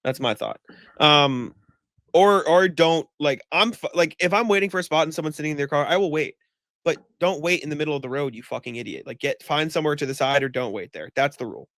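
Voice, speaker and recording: Casual podcast co-host, a man with a gravelly, fry-heavy voice, venting through a long story. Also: a little high, brisk, a bit bright, dry recording. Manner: rambling storytelling with many "like" fillers and swearing; exasperated ranting. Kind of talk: casual chat.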